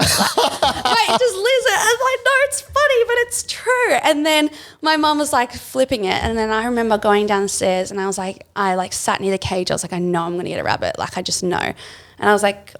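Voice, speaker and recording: A young woman with an Australian accent chats on a podcast, her voice often dropping into a gravelly fry. She tells stories with animation, acting out the people she quotes and saying "like" often. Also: medium pitch. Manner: animated storyteller, fillers of "like", acts out quoted voices. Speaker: podcast host. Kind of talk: casual chat.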